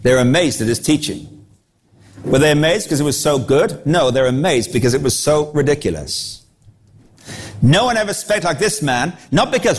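High-voiced man preaching a lively sermon. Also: normal speed, husky. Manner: animated, acts out quoted voices.

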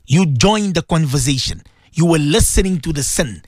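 A man delivers a radio sermon in a high voice that rises and falls in a lively, sing-song way. He talks emphatically, repeats his phrases and keeps checking in with his listeners. The sound is close and dry, with no room around it. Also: normal speed, no echo. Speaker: Islamic preacher on radio.

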